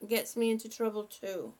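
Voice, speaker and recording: A woman hosting a casual live stream, chatting and laughing often as she greets viewers by name. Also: on the high side. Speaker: livestream host.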